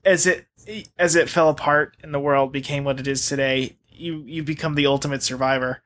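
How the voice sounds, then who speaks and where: A man's voice: on the high side, steady tone, brisk, a bit bright. Young man ranting in mock exasperation. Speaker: podcast co-host. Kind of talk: casual comedic banter.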